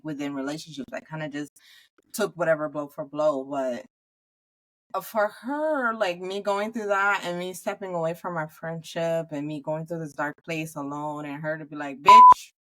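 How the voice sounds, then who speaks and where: A young woman talking candidly on a podcast, swearing freely and fighting back tears as she speaks about friendship. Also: low-pitched. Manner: candid, profane, tearful at times, quoting herself loudly. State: close to tears. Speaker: podcast co-host. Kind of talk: emotional casual chat.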